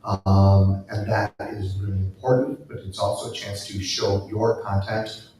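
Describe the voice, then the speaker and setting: Halting man in an echoey room. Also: lowish voice, level tone, darkish tone, a little hiss or hum. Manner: halting, many fillers and restarts. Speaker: panelist. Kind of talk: live panel discussion. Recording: echoey room heard from far off.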